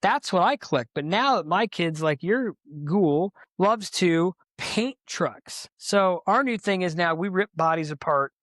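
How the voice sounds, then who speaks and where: A man co-hosting a podcast, telling stories in a lively way and acting out the quotes. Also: high-pitched, unhurried, few pauses, no echo. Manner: animated storyteller, acts out quotes. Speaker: podcast co-host. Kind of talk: casual storytelling chat.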